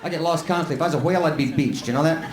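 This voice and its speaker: A man with a West Texas accent doing a live stand-up set, plain-spoken and folksy with quick punchlines. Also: on the high side. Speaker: stand-up comic. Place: comedy club stage with audience. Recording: roomy live club recording with loud crowd laughter.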